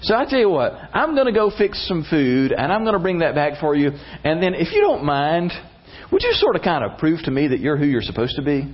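A man's voice: a little high, wildly swooping pitch, a little fast, slightly rough, lo-fi sound, exaggerated voice. A man voicing Gideon as a doubtful, nervous young man who hesitantly bargains for proof. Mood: nervous pleading.

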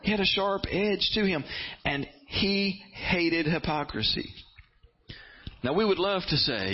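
A man's voice: a little high, lively intonation, measured pace, husky, muffled recording. A man preaching a sermon as a pastor, quoting scripture dramatically and building intensity as he talks.

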